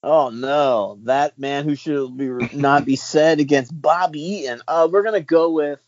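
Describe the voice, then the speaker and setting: A man on a casual podcast, joking and cursing while he thinks through quiz answers out loud. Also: a little high, unhurried, dry recording. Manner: profane, joking, thinks aloud. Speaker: podcast co-host, quiz contestant. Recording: dry, dull lo-fi sound.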